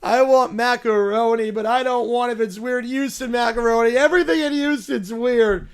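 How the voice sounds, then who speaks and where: A man's voice: very high voice, fairly even intonation, moderate pace, smooth. A man voicing a spoiled, tiny, furry royal creature who whines and demands everything. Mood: petulant. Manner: whining, petulant, demanding. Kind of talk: read-aloud donation story.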